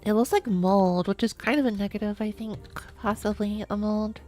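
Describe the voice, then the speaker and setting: A woman streamer talks through a casual live-stream chat, rambling from thought to thought and giggling often. Her voice sits at a middle pitch, and she keeps restarting her sentences. Faint music plays quietly behind her. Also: moderate pace.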